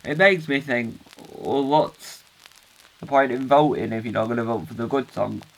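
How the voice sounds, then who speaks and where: A man's voice: mid-range voice, normal speed, gravelly, lightly acted, rough recording. A man playing an earnest, rambling dad who records a hesitant, self-interrupting video diary for his kids. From United Kingdom. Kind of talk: comic character monologue.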